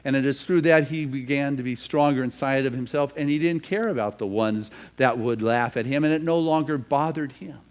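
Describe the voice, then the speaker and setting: A man, a minister, preaching a sermon and telling a parable as a story, moving from hushed passages to emphatic ones. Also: medium pitch, fairly quick, hardly any pauses.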